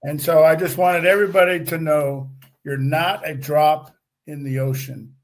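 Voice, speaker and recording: A man's voice: a little high, steady tone, moderate pace. A man co-hosting a talk show, thanking the guest and closing in a gracious way. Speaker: co-host. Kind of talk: casual show sign-off.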